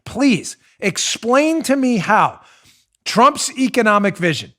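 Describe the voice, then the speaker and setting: A man hosting a political talk show, animated and mocking, often breaking into laughter. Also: very high voice, slow pace. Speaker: host.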